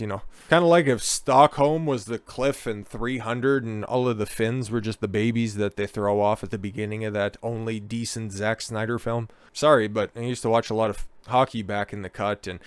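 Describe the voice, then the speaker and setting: A man's voice: mid-range voice, clean tone, dry recording. A young man ranting sarcastically and crudely about public figures, with mocking asides. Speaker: political commentary host. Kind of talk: casual rant commentary.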